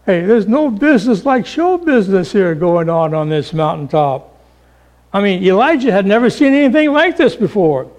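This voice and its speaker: A middle-aged male pastor preaching a sermon, dramatic, acting out voices and swinging between loud calls and hushed lines, calling the listeners folks. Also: high-pitched, animated, moderate pace, dull audio. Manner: addresses the congregation as folks.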